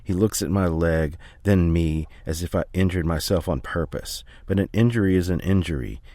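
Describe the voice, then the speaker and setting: A man reading a first-person memoir aloud in a steady, measured way. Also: sits low, no room sound. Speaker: audiobook reader.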